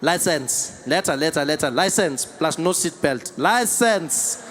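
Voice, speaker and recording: A comedian voicing a gruff, haggling male traffic policeman with a South African accent, clipped and blunt. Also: a little high, animated, measured pace, fairly bright tone, pitched below the performer's own voice. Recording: echoey theater with reverb.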